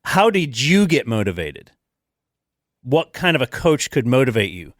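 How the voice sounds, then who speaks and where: Middle-aged host guy, mid-pitched voice, rambles into his question, dry studio sound. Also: big pitch swings, a little slow, dry recording. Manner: rambling, builds a long setup to a question. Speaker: talk show host. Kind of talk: casual chat.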